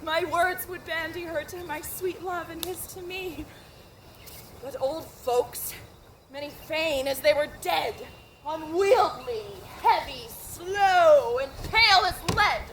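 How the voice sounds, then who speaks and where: A woman playing a lovesick, impatient young girl in a live stage play pleads and presses in a very high voice. She speaks at an unhurried pace. Clear background noise sits behind her. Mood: longing. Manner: pleading, insistent.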